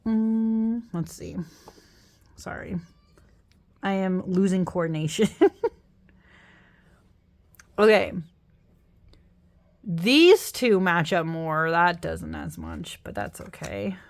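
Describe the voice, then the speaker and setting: A woman's voice: lowish voice, sing-song, slow pace, vocal fry, pauses often. A young woman chatting casually through a flip-through of tarot and oracle decks, tired after work, rambling, laughing and apologizing as she goes. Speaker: tarot deck reviewer.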